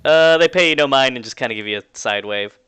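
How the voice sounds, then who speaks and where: A man narrating a tabletop game as game master in a relaxed, chatty way. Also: mid-range voice, quick pace, clean tone, dry recording.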